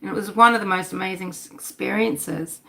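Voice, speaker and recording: Animated middle-aged woman. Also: medium pitch, a little fast, vocal fry. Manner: animated, swears, reads out chat. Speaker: livestream host. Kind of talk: casual livestream commentary.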